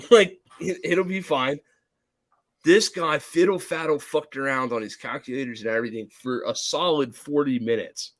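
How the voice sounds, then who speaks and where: A podcast co-host with a fairly high-pitched voice and moderate pace tells a wandering story in casual chat. He swears without restraint and animatedly plays out the people he's quoting.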